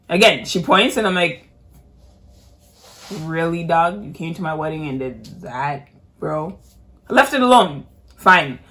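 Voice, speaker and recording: A woman's voice: low voice, expressive, unhurried, long pauses, a bit bright. Emphatic woman retelling a heated story. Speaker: podcast co-host. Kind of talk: casual storytelling chat.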